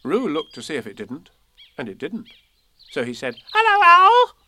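A man narrating a children's storybook with gentle, expressive storytelling. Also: medium pitch, normal speed, husky.

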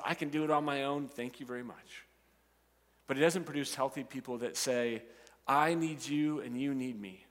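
A man preaching a sermon, animated and acting out the voices of the characters and the crowd. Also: mid-range voice, in a large hall. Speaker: pastor.

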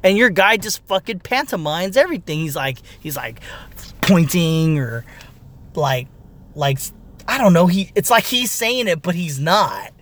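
A gamer talking through a casual game review. They ramble, swear freely, trail off and restart their sentences mid-thought, in a plain mid-pitched voice. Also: sing-song, a little slow, fairly bright tone, a little hiss or hum. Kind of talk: casual profane rant.

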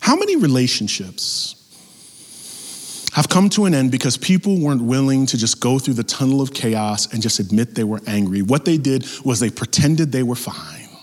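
A man preaching a sermon as pastor, talking in a lively, conversational way with acted-out asides. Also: mid-range voice, normal speed, breathy edge, long reverb tail.

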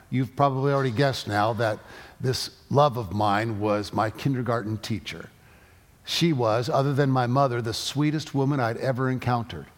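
Middle-aged pastor, storytelling sermon, mid-range voice, long hall reverb. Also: male voice, medium pitch. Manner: storytelling, halting with frequent restarts.

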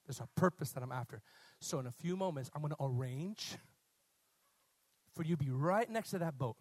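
A man preaching, voicing God as the creator commanding a great fish in a slow, deep, commanding tone. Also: animated, darkish tone, no echo.

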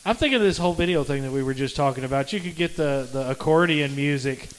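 A young man appearing as a guest on a casual podcast, pitching an idea and repeating himself as he goes. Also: fast talker, low-quality recording. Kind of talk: casual chat among friends.

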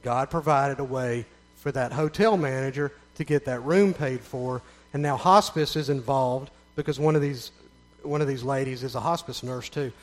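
A man's voice: mid-range voice, moderate pace. A middle-aged man with a Southern American accent gives an earnest, folksy spoken testimony to a gathering, with repeated phrases that build up into emphatic runs. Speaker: speaker giving a testimony.

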